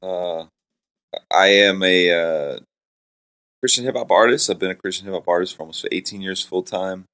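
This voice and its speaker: A man's voice: low-pitched, moderate pace, bright, forceful tone. A man in his forties from Florida, a Christian hip hop artist and pastor, chatting playfully and self-deprecatingly in an interview in a hotel room. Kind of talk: casual interview chat.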